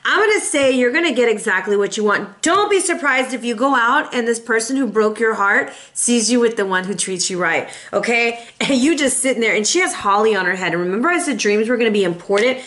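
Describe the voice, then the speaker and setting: A woman's voice: on the high side, lively intonation, fairly quick, few pauses, fairly bright tone. A woman giving a casual tarot reading, chatty and sassy, calling her viewers boo and y'all. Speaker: tarot reader.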